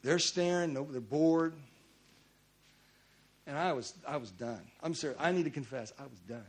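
A middle-aged man preaching a sermon, telling a personal story in a conversational way that swings between loud urgency and hushed intensity. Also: a little high, moderate pace.

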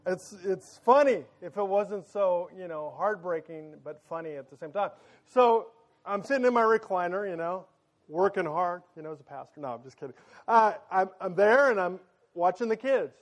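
Male pastor, 30s, high-pitched, loud excited preacher who jokes and tells family anecdotes. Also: moderate pace. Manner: joking, storytelling, loud and excited. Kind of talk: sermon. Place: church sanctuary.

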